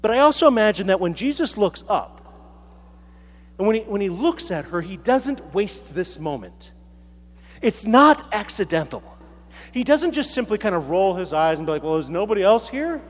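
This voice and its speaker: High-voiced priest preaching in a reverberant church. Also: male voice. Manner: casual, many fillers and tag questions. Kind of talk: conversational sermon.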